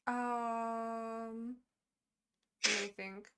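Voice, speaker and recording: A woman co-hosting a casual podcast, reacting with quick, enthusiastic remarks. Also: on the high side, level tone, heavy background noise. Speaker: podcast co-host. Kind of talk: casual chat.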